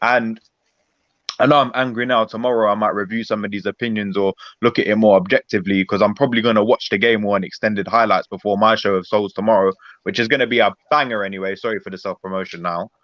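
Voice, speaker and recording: A man's voice: fairly low pitch, steady tone, quick pace, no room sound. A man giving an angry, rambling post-match reaction on a football chat stream. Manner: fuming, rambling, emphatic. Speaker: Arsenal fan panelist. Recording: dull lo-fi call audio.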